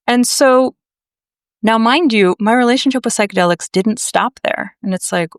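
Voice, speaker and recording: A woman from Massachusetts, a naturopathic doctor, telling her story to a podcast host in a blunt, animated way. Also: fairly high pitch, normal speed, dry recording, clean studio sound. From Massachusetts, USA. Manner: animated, emphatic, blunt, swears freely. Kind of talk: conversational storytelling.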